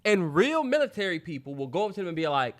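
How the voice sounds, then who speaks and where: A man co-hosting a podcast, teasing his co-host in relaxed banter. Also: high voice, fast talker. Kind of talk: casual chat.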